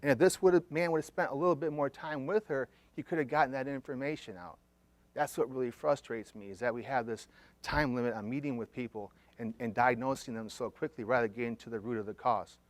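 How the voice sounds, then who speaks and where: A man's voice: medium pitch, fast talker, no echo. A man, a therapist, presenting a case study to an audience in a conversational storytelling way, checking in with listeners as he goes.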